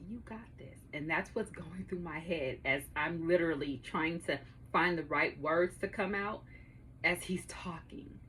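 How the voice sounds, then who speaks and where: A woman's voice: sits low, measured pace, fairly bright tone, slight background noise. A woman in her thirties hosting her own podcast, telling a story to her listeners in a casual, profane way and laughing often, recorded in her home studio. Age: 30s. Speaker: podcast host.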